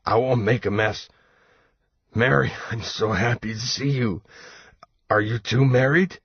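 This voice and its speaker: A man's voice: medium pitch, fairly even intonation, unhurried, slightly rough, no echo, voice pushed up. A man voicing a sick, desperate young man who pleads urgently, in a dull lo-fi audiobook recording. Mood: pleading. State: weak and unwell.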